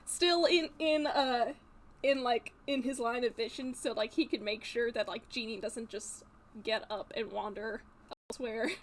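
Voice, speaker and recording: A woman's voice: on the high side, measured pace, a little hiss or hum. A woman playing a tabletop game, hesitant and giggly, with lots of fillers. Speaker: player.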